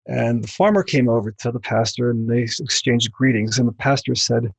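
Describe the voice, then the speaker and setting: A middle-aged man, a book author, as a podcast guest telling lively stories and acting out the voices in them. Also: medium pitch, brisk, vocal fry, few pauses, breathy edge, no echo. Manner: animated storyteller who mimics voices in quoted anecdotes. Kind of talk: podcast interview, storytelling.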